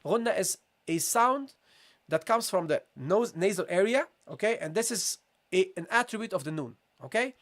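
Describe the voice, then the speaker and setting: A Quran recitation teacher giving a tajweed lesson, patiently repeating syllables slowly for students, with a slight cold and occasional throat-clearing. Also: medium pitch, animated. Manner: patient, repeats sounds slowly, calls listeners "guys". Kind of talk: tajweed lesson, live session.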